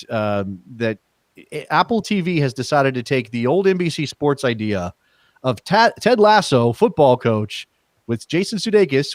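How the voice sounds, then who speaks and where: This podcast co-host has a mid-range voice with no echo. He chats casually with his partner, full of teasing, joking banter.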